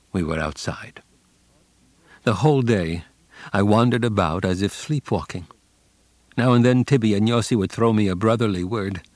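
A man narrating a memoir audiobook in a grave, measured, subdued way. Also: mid-range voice, a little mellow, dry recording. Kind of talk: scripted narration.

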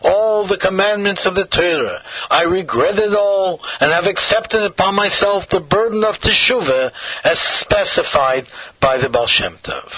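A man's voice: sits high, expressive, measured pace, slightly rough, no room sound, voice pushed up, full character voice. A man voicing a weakened, pleading penitent. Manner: pleading, self-abasing. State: weakened by fasting. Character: penitent man, starving, humble and earnest. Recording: dull lo-fi recording.

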